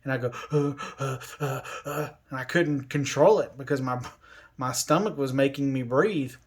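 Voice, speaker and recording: A man telling a personal story in a casual, unhurried way, with plenty of fillers and restarts. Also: mid-range voice. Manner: unhurried, lots of fillers and restarts, quoting others. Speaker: covid survivor telling his story.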